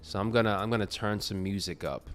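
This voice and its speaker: A man's voice: fairly low pitch, quick pace, fairly bright tone, soft background music. A sleepy man talking casually about tennis to his viewers, rambling and correcting himself as he goes. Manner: rambling, self-correcting, chatty. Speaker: tennis video creator. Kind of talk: casual tennis talk to camera.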